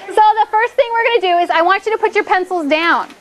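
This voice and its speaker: Woman, school teacher, high voice, upbeat, encouraging, classroom teaching, frequent check-ins. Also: fast talker, a little hiss or hum.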